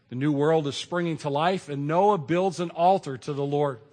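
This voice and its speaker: Middle-aged male pastor, sermon delivery, conversational with anecdotes, slightly high voice. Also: fairly bright tone. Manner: conversational storytelling, with asides and restarts.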